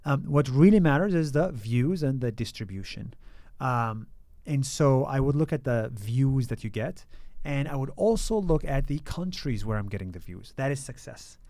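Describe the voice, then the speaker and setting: A man's voice: mid-range voice, lively intonation, moderate pace, dark tone, no room sound. A man in his thirties, a content creator being interviewed, explaining candidly with frequent "uh" and "so".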